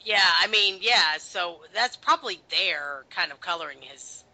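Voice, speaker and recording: A man with a bright, crisp voice, a little higher than most, chatting casually about a film. He muses aloud and lets his sentences trail off. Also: animated, measured pace, poor audio.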